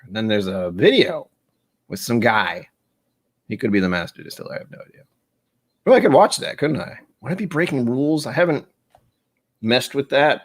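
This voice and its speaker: A man hosting a casual live stream, chatting in a rambling, self-mocking way. His pitch swings widely as he talks, and he tosses in offhand swears. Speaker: livestream host.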